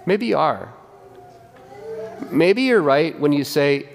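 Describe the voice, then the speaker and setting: A man preaching a sermon as pastor, animated and conversational, often repeating and restarting his words. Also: on the high side, slow pace, creaky, pauses often, big-room sound, a little hiss or hum. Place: church sanctuary.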